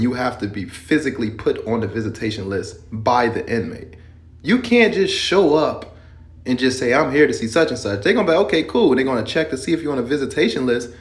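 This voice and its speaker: A man's voice: medium pitch, darkish tone. A man hosting and commenting casually, firing incredulous questions straight at his audience. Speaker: host and commentator.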